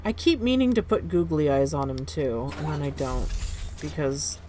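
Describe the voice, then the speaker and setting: A woman in her thirties, live-streaming a game and chatting in a casual, animated way that reacts loudly to the game. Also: low voice, normal speed, a little hiss or hum.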